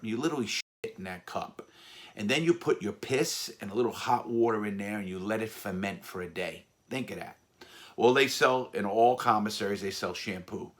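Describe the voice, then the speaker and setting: Middle-aged man, low voice, blunt and profane, animated storytelling monologue. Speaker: former inmate telling his story.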